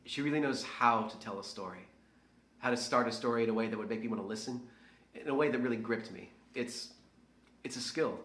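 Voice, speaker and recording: A man's voice: mid-range voice, brisk, a bit bright, close to an everyday voice. An actor playing a reflective, hesitant young American man in an audio drama monologue. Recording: roomy echo.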